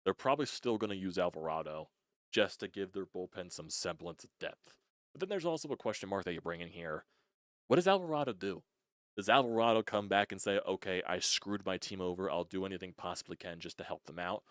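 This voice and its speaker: A man's voice: low-pitched, animated, a little fast, no echo, studio quality. A young man hosting a sports channel, talking in a frustrated, casual rant, swearing and breaking off words.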